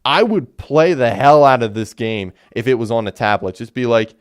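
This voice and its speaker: A man with a smooth, clear voice at an ordinary middle pitch, chatting through a solo podcast. He rambles, restarts his sentences and gets animated as he goes. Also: normal speed. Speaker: podcast host. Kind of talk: casual solo game talk.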